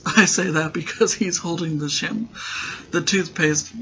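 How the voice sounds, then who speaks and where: A man's voice: on the high side, measured pace, bright, forceful tone, a little hiss or hum. A man casually recapping a TV episode with sarcastic, rambling asides, in a dull lo-fi recording. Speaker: show recap host.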